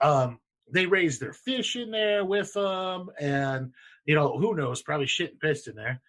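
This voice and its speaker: A man hosting a loose, profane podcast chat, with a voice sitting a bit high for a man. He laughs hard and often, and he speeds up when he gets excited. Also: measured pace. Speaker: podcast host. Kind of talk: casual chat.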